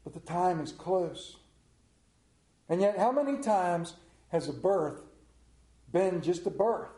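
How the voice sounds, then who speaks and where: A man's voice: high-pitched, lively intonation, takes it slowly, mellow, echoey room, low-quality recording. A middle-aged man preaching a sermon as a folksy, joking storyteller.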